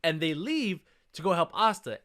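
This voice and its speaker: A man on a casual podcast, telling a story in an animated way with casual swearing. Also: high voice, normal speed. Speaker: podcast co-host.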